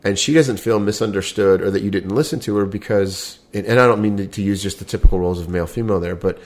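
A middle-aged man co-hosting a podcast, calmly explaining ideas with step-by-step everyday examples. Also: on the low side, fast talker. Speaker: podcast co-host. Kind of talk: casual podcast chat.

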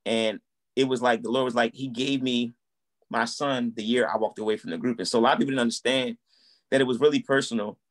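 A man's voice: mid-range voice, fast. A man in his thirties telling his story in a casual interview, acting out quoted dialogue. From United States. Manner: animated, acts out quoted dialogue. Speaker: guest, musician and minister.

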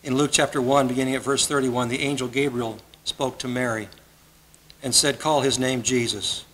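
A man's voice: medium pitch, steady tone, normal speed, a bit bright, a little hiss or hum, rough recording. A man preaching a sermon as pastor, earnest and conversational, often repeating his phrases. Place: church sanctuary.

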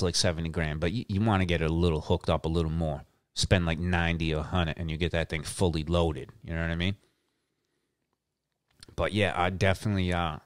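Speaking in a clear, resonant low voice, a middle-aged man hosts a show with a swaggering, profanity-heavy monologue. He repeats lines to drive them home, and the studio recording is dry.

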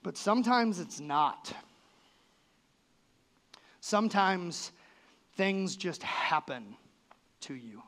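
A male pastor with a high, slightly bright voice preaches in church in a sing-song way, drawing out his words and leaving long pauses. His delivery is earnest and conversational, punctuated by abrupt lifts and drops.

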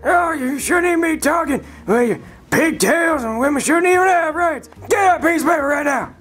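A man plays a cranky old schoolteacher with a very high, strained voice. He barks orders at his class and grumbles rudely. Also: expressive, brisk, soft background music. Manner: yelling, cranky and rude. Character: crabby old male schoolteacher. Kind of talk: comedic puppet video voice acting.

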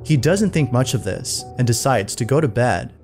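Man giving measured scripted narration. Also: medium pitch, faint music behind. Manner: even, measured storytelling. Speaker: narrator of a played compilation video.

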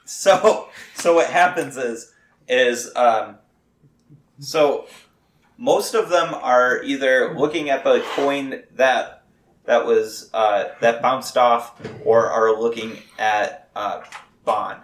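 A man running a tabletop game as game master, narrating haltingly with many fillers and restarts. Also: medium pitch. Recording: echoey room.

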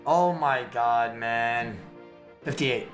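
A man streaming a game, giving excitable, slangy trash-talk commentary with sudden shouts. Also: mid-range voice, drawn-out words. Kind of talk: live gameplay commentary. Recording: echoey room with clear background music. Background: background music.

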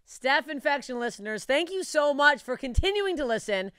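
A woman's voice: sits high, sing-song, moderate pace, a bit bright, dry recording, studio quality. A woman hosting a comedy podcast, brash and profane, laughing often in casual chat. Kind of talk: casual chat and tour ad read.

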